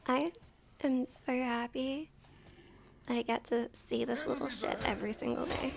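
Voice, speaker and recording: A tired woman streaming a game, chatting casually and swearing, and sometimes talking to her dogs in a high baby voice. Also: fairly even intonation, a little slow, vocal fry, slight background noise. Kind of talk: casual gameplay commentary.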